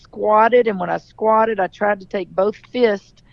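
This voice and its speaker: Gravelly-voiced woman coach. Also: medium pitch, fairly even intonation, a little slow, no echo, dull audio. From Louisiana. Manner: candid, emphatic storyteller. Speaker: head coach, guest. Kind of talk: radio interview.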